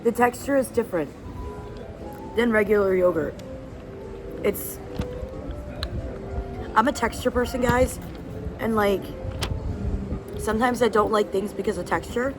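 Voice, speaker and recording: A woman's voice: mid-range voice, a little slow, long pauses, music in the background. A woman vlogging casually to camera, chatting with enthusiasm about food and places while out and about. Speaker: travel vlogger. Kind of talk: casual vlog narration to camera. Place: outdoors and in cafes, on the move. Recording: background noise from street and traffic.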